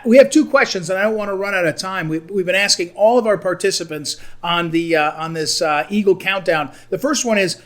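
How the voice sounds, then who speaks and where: A man interviewing a guest over a video call, halting often with fillers and restarts. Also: high-pitched, a bit bright. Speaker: interviewer for a conservative group.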